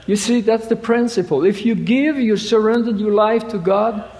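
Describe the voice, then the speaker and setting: Halting preacher man in a reverberant hall. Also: high voice, darkish tone. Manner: halting, repeats words, rises to emphatic quoting. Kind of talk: sermon.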